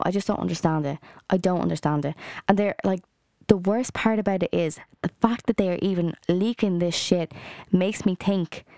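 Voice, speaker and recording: Young female podcast host, low-ish register, dry close sound; heated, sweary, filler-heavy rant. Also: warm tone, clear, resonant tone, dry recording.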